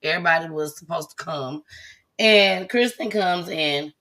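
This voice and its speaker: A woman hosting a casual talk show, telling stories animatedly and bursting into loud, high impressions. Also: normal speed. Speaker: host. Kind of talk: casual chat.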